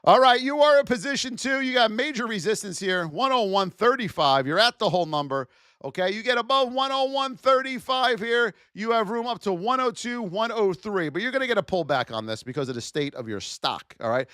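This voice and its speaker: A man's voice: sits high, a little fast, no echo, clean studio sound. A middle-aged man hosting a live trading stream, giving chart commentary and calling out to viewers in the chat. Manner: animated, shouts out to chat viewers. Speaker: trading livestream host.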